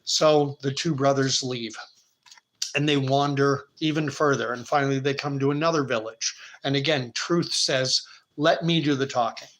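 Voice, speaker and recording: A Canadian man in his fifties, hosting and retelling a parable in a relaxed, conversational way. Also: medium pitch, normal speed, rough recording. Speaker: host. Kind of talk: storytelling commentary.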